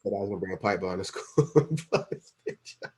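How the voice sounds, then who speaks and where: A man's voice: deep voice, expressive, fast talker, darkish tone, a little hiss or hum. A young man co-hosting a podcast, telling stories in a laid-back, casual way. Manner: laid-back storytelling with lots of "like" and "you know". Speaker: podcast co-host. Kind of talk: casual chat.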